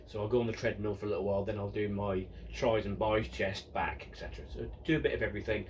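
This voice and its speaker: A man's voice: on the low side, steady tone, fast, darkish tone, far from the mic, slight background noise, rough recording. A man in his fifties hosting a casual Q and A, reading out viewer questions in a jokey, self-mocking way with many ums and restarts. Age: 50s. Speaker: model railway channel host.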